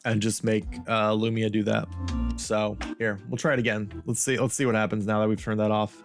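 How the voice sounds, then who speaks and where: A man's voice: fairly low pitch, little pitch movement, a little fast, creaky, music in the background. A man chatting casually on a live stream as a streamer, rambling and talking to his chat while testing a studio microphone. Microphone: studio mic.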